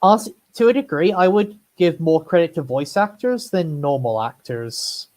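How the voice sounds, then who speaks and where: Slightly high-voiced man chatting casually. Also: moderate pace. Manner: relaxed, agreeable, lots of fillers like "like". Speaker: podcast co-host. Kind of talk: casual chat.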